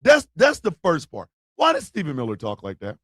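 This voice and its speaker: A man hosting a comedic live stream, joking loudly and swinging between shouts and mutters. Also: on the high side, huge pitch swings, brisk, husky, no room sound. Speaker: livestream host.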